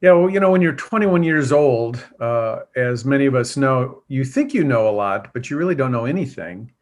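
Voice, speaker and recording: A man's voice: medium pitch, lively intonation, moderate pace. A man, a former police officer now starting a church, speaking earnestly and reflectively as an interview guest. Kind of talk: conversational interview.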